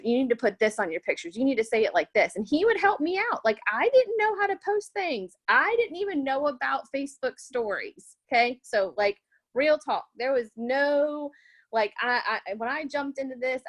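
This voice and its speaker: Woman, young adult, earnest testimonial, rambling, fairly high pitch. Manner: earnest, rambling, filler-heavy. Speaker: health coach sharing her story. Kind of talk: webinar testimonial.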